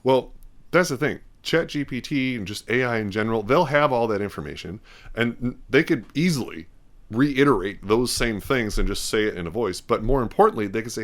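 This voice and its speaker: A man's voice: medium pitch, animated, brisk. A man hosting a podcast, talking in a casual, rambling way and acting out bits of quoted dialogue. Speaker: podcast host. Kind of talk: casual talk.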